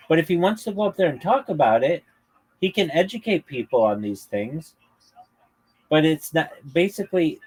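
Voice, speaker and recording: A man's voice: a little high, a little mellow, breathy edge. A man hosting a livestream, chatting casually about stand-up comedy, rambling with many fillers and acting out crude comebacks. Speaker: livestream host.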